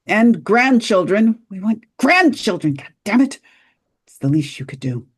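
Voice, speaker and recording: A woman plays a bitter, grieving mother in a table read, her voice low and husky. She presses her daughter with accusations and raw grief. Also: lively intonation, measured pace, dark tone, full character voice. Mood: reproachful. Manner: accusing, emotional. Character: grieving, reproachful mother wanting grandchildren. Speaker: Anna's mother Marlene.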